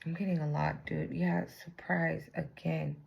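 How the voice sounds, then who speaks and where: Slow, gravelly woman reading tarot. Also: deep voice, level tone, highs cut off. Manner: blunt and profane, slangy. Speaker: tarot reader.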